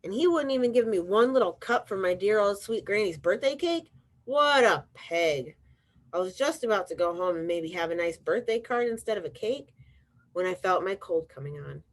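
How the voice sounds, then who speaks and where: A woman's voice: mid-range voice, lively intonation, moderate pace, lightly acted. A woman reading aloud as a sneezy, self-pitying male wolf telling his side of the story, with wry storybook asides.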